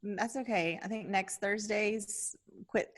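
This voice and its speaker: A woman's voice: medium pitch, steady tone, unhurried. A middle-aged woman co-hosting a podcast in casual chat, laughing often and making puns. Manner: giggly, punny, chatty. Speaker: podcast co-host.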